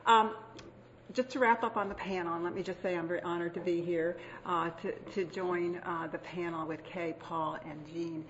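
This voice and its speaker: A woman's voice: fairly low pitch, steady tone, moderate pace. A middle-aged woman addresses a conference audience in a chatty, self-deprecating way, with plenty of fillers and restarts. The recording is a bit dull, with faint background noise. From United States. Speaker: state public health official, panel speaker. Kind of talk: conference panel talk. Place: conference hall.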